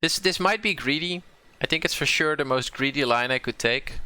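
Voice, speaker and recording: A man's voice: fairly high pitch, fairly quick, bright, forceful tone, dry recording. A man from the southern Netherlands with a Dutch accent, thinking aloud as he plays and streams a card game, often repeating words as he corrects himself.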